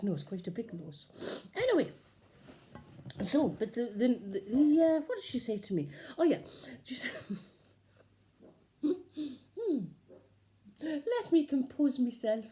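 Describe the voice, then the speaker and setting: A woman plays a cheeky nun who gossips and giggles through a rambling comic monologue. Her voice is high and mellow, and it swoops up and down as she chatters on.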